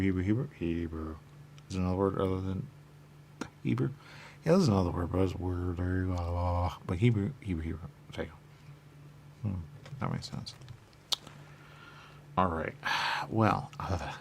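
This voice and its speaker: A man's voice: deep voice, gravelly, a little mellow, a little hiss or hum. A man in a rambling, repetitive monologue, muttering questions and then answering them himself. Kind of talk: rambling stream-of-consciousness monologue.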